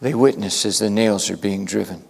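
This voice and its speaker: A man preaching a sermon in a church, telling the story dramatically, his voice rising to urgent questions and sinking to hushed lines. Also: on the low side, moderate pace, creaky, breathy edge. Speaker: pastor. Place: church sanctuary. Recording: long reverb from a large hall.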